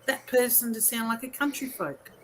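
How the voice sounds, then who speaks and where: An Australian woman talking casually as a podcast guest, her voice pitched a little high for a woman. She is chatty and laughs easily. A faint hiss sits under her voice. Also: animated, moderate pace. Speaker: guest author.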